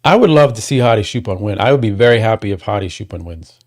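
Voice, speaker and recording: A man hosting a casual livestream watchalong, rambling and talking to his chat, and getting loud and worked up when he complains. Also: on the low side, animated, fast talker. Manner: rambling, restarts, talks to chat. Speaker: livestream host.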